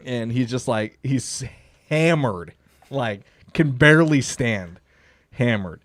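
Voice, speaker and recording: A man's voice: mid-range voice, animated, slow pace, a bit bright, no room sound. A young man co-hosting a podcast, telling a comic story with heavy swearing and laughing at himself. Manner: profane, laughs through his own story. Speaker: podcast co-host.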